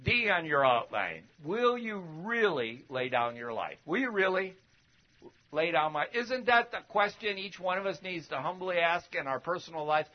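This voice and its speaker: A fairly high-voiced man preaching a sermon in a lively, conversational way. He fires off rhetorical questions and jumps between loud, emphatic bursts and quiet asides. The recording sounds dull and lo-fi. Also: moderate pace. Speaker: preacher teaching a Bible lesson.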